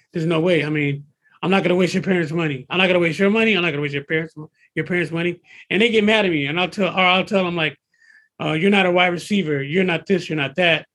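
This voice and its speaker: In a relaxed interview, a man in his fifties who works as a personal trainer speaks emphatically and excitably, returning to the same points again and again. His voice is high with a husky edge.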